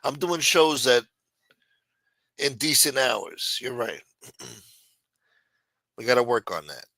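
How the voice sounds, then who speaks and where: A man's voice: mid-range voice, animated, takes it slowly, bright, forceful tone, no room sound. A man hosting a casual late-night livestream, trash-talking a rival with profanity and greeting viewers in the chat by name. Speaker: livestream host.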